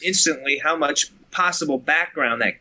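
A man's voice: a little high, normal speed, pushed and bright, a little hiss or hum. A man who is a filmmaker, a guest on a podcast, eagerly telling behind-the-scenes stories and acting out the quotes. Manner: eager storyteller who acts out quoted talk. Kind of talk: casual interview chat.

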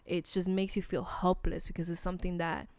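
A woman with a low, gravelly voice talks straight to her listeners in a solo podcast episode. She is blunt and earnest, casual with some swearing, and deeply sincere. The sound is smooth and dry. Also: little pitch movement, a little fast, a little mellow, dry recording. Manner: emotional, sincere appeals to listeners. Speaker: podcast host. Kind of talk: heartfelt solo podcast talk.

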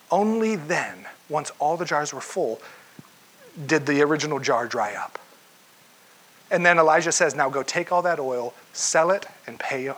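A man's voice: fairly high pitch, pushed and bright, slightly rough, poor audio. A young man preaching a sermon, telling Bible stories with acted-out voices and sometimes dropping to a whisper for emphasis. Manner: storytelling, acts out voices, drops to a whisper for emphasis. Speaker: pastor.

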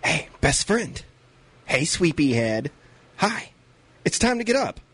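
A man's voice: a little high, sing-song, slow pace, a bit bright, breathy edge, full character voice. A man playing a clingy, lonely young man who insists he is popular, in an eager, overly sweet comedy sketch voice. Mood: coaxing.

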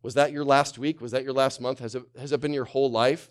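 A male pastor preaching a sermon, swinging from loud to hushed, firing rhetorical questions and calling on the congregation to answer. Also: mid-range voice, flat delivery, fast talker, clear, resonant tone. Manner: asks many rhetorical questions.

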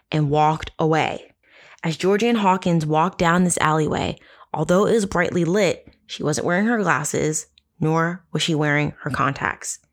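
A woman hosting a casual true crime podcast, telling the story with sarcastic, profane asides. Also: fairly low pitch. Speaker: podcast host.

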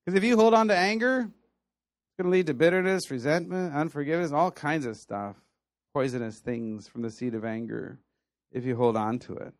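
A man with a fairly high voice preaches in a relaxed, conversational way, telling stories with plenty of animation. The sound is dry and close, with no room echo. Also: moderate pace. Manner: conversational, animated storytelling with laughs. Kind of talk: sermon teaching.

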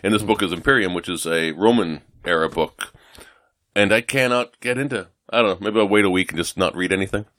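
Rambling low-voiced man, dry sound. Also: fairly quick, fairly bright tone, no room sound. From United States. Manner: rambling, self-deprecating, lots of fillers and restarts. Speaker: podcast co-host. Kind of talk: casual chat.

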